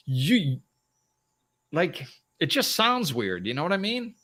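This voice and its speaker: A man's voice: a little high, wildly swooping pitch, slow, fairly bright tone. A middle-aged man hosting a live self-help talk, who laughs often and acts out both sides of arguments. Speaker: host.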